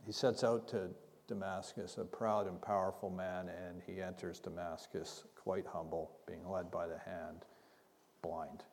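A man preaching a sermon as pastor, conversational and unhurried, acting out scripture dialogue as he teaches. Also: sits low, little pitch movement. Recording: long hall reverb.

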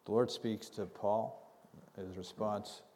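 A man preaching a sermon as pastor, conversational and unhurried, acting out scripture dialogue as he teaches. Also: lowish voice, fairly even intonation, warm tone. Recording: long hall reverb.

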